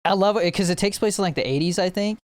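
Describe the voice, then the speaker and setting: A man's voice: sits high, fast talker, no echo. A young man chatting casually on a podcast, rambling about movies with lots of laughs and playful impressions. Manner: rambling, laughs a lot, mimics movie scenes. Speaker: podcast co-host. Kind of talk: casual chat between friends.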